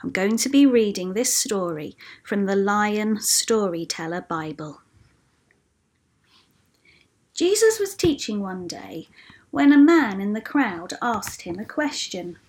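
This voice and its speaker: A woman teacher reading a Bible story aloud in a clear, expressive storytelling voice. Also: mid-range voice, a little slow. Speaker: school teacher.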